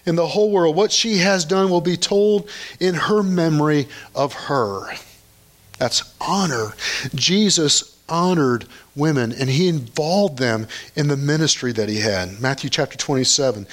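A man's voice: a little high, unhurried. A man preaching a sermon, reading scripture aloud and stopping to comment on it with rising emphasis.

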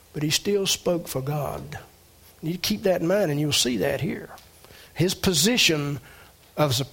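A man preaching a sermon in a notably high, light voice. He talks to the congregation in a plain conversational way, restarting phrases. He lifts his pitch sharply when he stresses a point. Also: fairly bright tone. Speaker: pastor.

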